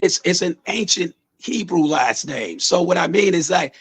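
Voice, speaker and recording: A man's voice: high voice, lively intonation, normal speed, fairly bright tone, slightly rough. A man, a music artist, talking loosely and at length about his songwriting in a casual interview, swearing often.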